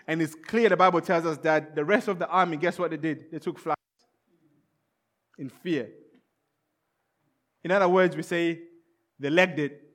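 High-voiced preacher. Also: male voice, normal speed, pauses often, fairly bright tone. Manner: repetitive, emphatic, acts out scenes. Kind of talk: sermon.

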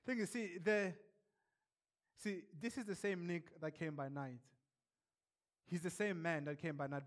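A man preaching a sermon, emphatic and repetitive, asking the congregation rhetorical questions and dropping to a hush for effect. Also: a little high.

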